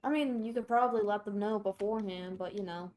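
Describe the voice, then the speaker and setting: A woman's voice: mid-range voice, quick pace, a little mellow. A woman bantering in a dry, matter-of-fact way with teammates during a game. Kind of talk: casual gaming chat.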